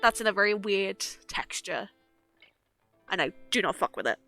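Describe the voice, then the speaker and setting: A woman's voice: medium pitch, animated, moderate pace, sharp tone, dry recording, faint music behind. A young woman chatting casually with her live-stream viewers, giggling often and swearing freely at a desk mic.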